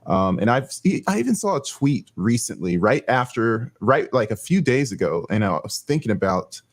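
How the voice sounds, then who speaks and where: A man co-hosting a casual chat, explaining his points in a measured way with some fillers. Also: mid-range voice, sing-song.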